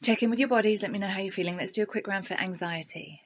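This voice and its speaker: A woman hosting a sobriety support session, calmly guiding listeners through breathing and tapping with slow, gentle instructions. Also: medium pitch, breathy edge. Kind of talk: live guided tapping session.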